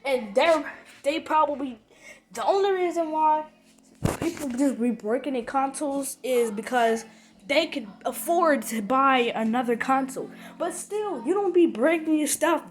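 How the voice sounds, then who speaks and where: A woman's voice: high voice, expressive, measured pace, low-quality recording. A woman channel host talking to her viewers from home in a rambling, repetitive, emphatic casual rant.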